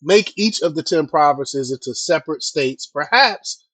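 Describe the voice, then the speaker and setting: A man's voice: fairly high pitch, expressive, moderate pace, a bit bright, husky, no room sound. A man hosting a casual political news commentary, talking hesitantly with fillers and chatty asides to his viewers.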